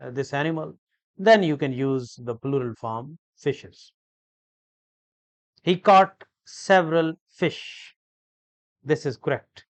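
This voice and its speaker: A man teaching an English grammar lesson, explaining each word slowly and deliberately, with frequent hesitations and repeated phrases. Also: on the high side, no room sound. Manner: slow, deliberate, repetitive explanation with many hesitations.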